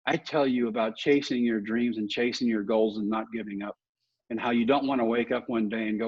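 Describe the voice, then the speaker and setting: A man in his fifties, a podcast guest and motivational speaker, telling lively, self-deprecating stories. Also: medium pitch, fairly quick, husky. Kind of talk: storytelling in a podcast interview. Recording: dull, muffled audio.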